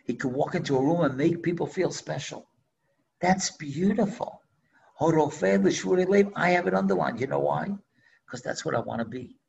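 Earnest older rabbi with gravelly voice. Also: male voice, on the high side, animated, moderate pace, a little mellow, muffled recording. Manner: earnest, emphatic preacher weaving Hebrew phrases. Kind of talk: sermon with storytelling.

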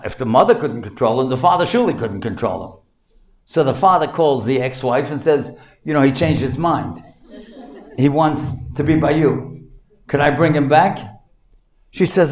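A man giving an animated storytelling talk to an audience, putting on a high voice for a child in his stories. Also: moderate pace, reverberant. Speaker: speaker telling stories to an audience.

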